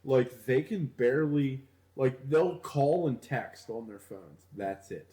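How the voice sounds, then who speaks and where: A laid-back young man co-hosting a casual podcast, chatting easily and leaning on filler words. His pitch is mid-range, and the room gives him a roomy echo. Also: slow, mellow. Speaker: podcast co-host. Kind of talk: casual chat.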